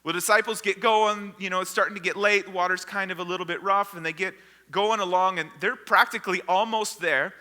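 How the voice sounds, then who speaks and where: Pastor guy preaching, high voice, super bright, big hall echo, acts out the story. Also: fairly even intonation, a little fast. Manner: storytelling, acting out the disciples and crowd. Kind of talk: sermon. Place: church sanctuary. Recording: long hall reverb.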